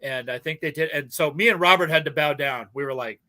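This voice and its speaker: A man's voice: a little high, a little fast, sharp tone. A man hosting a podcast, chatting casually and telling rambling, profane stories with lots of laughter. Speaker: podcast host. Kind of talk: casual chat.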